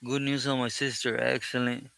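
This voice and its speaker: A man's voice: mid-range voice, little pitch movement, moderate pace, gravelly, a bit bright, clear, resonant tone, no echo. A man hosting a live stream, greeting viewers by name, switching between English and Spanish and often thanking God. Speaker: livestream host reading chat. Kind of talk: casual live chat with viewers.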